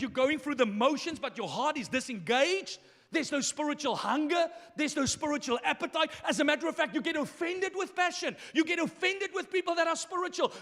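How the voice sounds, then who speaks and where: High-pitched man preaching with fiery passion. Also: big-room sound. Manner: impassioned preaching, swinging between quiet asides and shouting. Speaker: pastor. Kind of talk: sermon.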